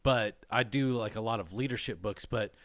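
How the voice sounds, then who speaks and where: A man's voice: on the low side, moderate pace, no room sound. A man guest on a podcast, chatting casually and joking at his own expense. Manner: self-mocking and jokey. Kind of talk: casual chat.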